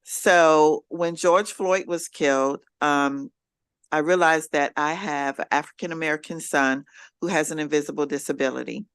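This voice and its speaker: A woman's voice: low-pitched, fairly bright tone, no room sound. Woman witness, earnest testimony, dry close desk mic. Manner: earnest, recounting a family story. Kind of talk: prepared testimony. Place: hearing room. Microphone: desk microphone.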